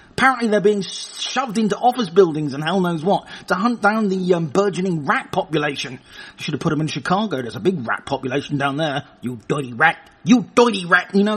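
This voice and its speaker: A man with a husky, breathy voice, pitched high for a man, rambles through the news as a podcast host. He jumps between crude jokes and asides, and his pitch swings widely up and down as he talks. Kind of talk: casual comic news chat.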